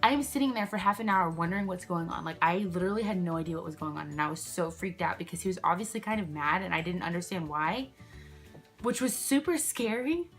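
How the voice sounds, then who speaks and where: A woman's voice: lowish voice, lively intonation, fast talker, a bit bright, soft background music. A young woman telling a casual storytime at home, chatty and rambling, full of fillers and sidetracks, recorded on her own camera. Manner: rambling, chatty, many "like" fillers, self-interrupting. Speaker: vlogger. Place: indoors at home, candles nearby. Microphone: camera she films herself with.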